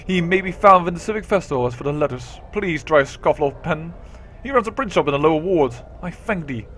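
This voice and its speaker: A man's voice: a little high, lively intonation, fast talker, fairly bright tone, slight background noise. A man voicing a bored, dramatic young noblewoman from a role-playing game, using an old-fashioned put-on British English accent and archaic speech. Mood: eager. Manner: archaic theatrical speech, languid and drawn out.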